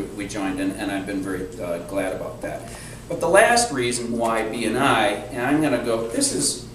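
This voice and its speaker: Businessman giving a talk, lively storyteller. Recorded far off in a very echoey room with faint hiss. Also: mid-range voice. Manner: animated storyteller, acts out quotes. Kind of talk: speech to a networking group. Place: meeting room.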